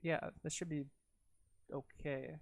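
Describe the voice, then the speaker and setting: A Canadian man with a slightly high voice and vocal fry rambles casually on a livestream as he edits video, talking to himself and filling his speech with "like." His tone is steady, his pace slow, and there's no echo.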